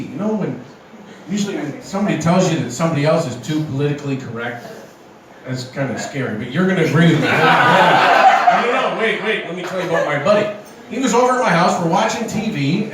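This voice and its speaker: A man doing a stand-up set, worked up and ranting, swearing freely. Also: fairly high pitch. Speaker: stand-up comedian. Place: comedy venue with audience. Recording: roomy, distant, noisy venue recording.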